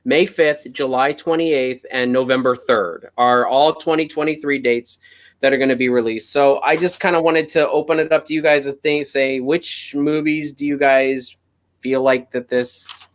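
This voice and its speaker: A man's voice: mid-range voice, fairly even intonation, normal speed. A man co-hosting a casual podcast over a call, hesitant and restarting his sentences often. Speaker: podcast co-host.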